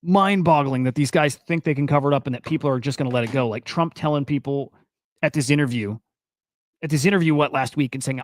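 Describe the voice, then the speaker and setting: A young man with a mid-range voice hosts a casual crypto and NFT news live stream, talking fast in a loose, rambling, profane way and getting more worked up as he goes. The recording is dry.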